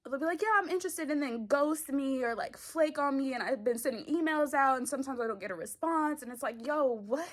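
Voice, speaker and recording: A woman's voice: high-pitched, a little fast, hardly any pauses. Tearful young woman, emotional vlog. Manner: tearful, gushing, talks in bursts with many likes. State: crying on and off. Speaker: vlogger and talk show creator. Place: at home, bedroom.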